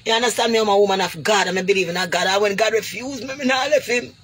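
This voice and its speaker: A woman's voice: medium pitch, fast, a bit bright, a little hiss or hum. A woman from Jamaica with a Jamaican accent, vlogging to her viewers in an emotional, pleading monologue full of creole grammar. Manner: heavy creole grammar, pleading and preachy, calls viewers goody. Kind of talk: emotional direct-to-camera monologue.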